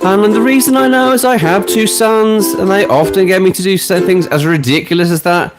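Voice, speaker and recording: A man's voice: high voice, brisk, over music. A British man in his late forties, hosting a ukulele live stream in a chatty, self-deprecating, joking way. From Britain. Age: late 40s. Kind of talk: casual live-stream chat. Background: ukulele playing.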